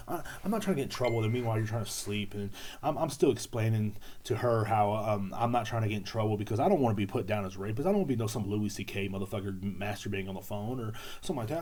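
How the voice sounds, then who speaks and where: A man's voice: on the low side, steady tone, quick pace, darkish tone. A young man hosting a podcast, rambling through a crude comedic monologue full of fillers, repeats and slang. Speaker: podcast host.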